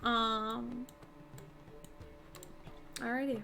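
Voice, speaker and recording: A woman's voice: on the high side, steady tone, normal speed, gravelly, pauses often, sharp tone, faint music behind. A woman narrating a tabletop game as game master, hesitant with many ums, building suspense in her descriptions.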